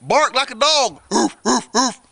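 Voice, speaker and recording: A man's voice: extremely high pitch, lively intonation, measured pace, bright, forceful tone, no room sound, exaggerated voice. A man voicing a fussing mother dog who scolds her puppy in an exasperated, drawling way.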